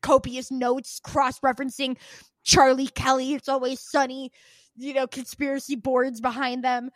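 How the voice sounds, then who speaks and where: High-voiced woman ranting on a podcast. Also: fairly bright tone, no room sound. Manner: ranting, exasperated, swears freely; acts out quoted people with shifts of voice. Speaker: podcast co-host. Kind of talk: casual podcast chat.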